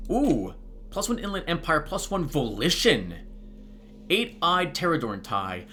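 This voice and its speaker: A man's voice: on the high side, sing-song, unhurried, sharp tone. A man narrating and commenting on a story game he plays, thinking aloud casually. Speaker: let's play host. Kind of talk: let's play commentary and narration.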